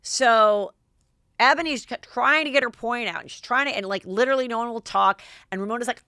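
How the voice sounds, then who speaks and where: A woman podcast host recapping reality TV gossip in a casual, animated way, jumping into raised voices to act out what others said. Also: on the high side, moderate pace, smooth, dry recording, clean studio sound.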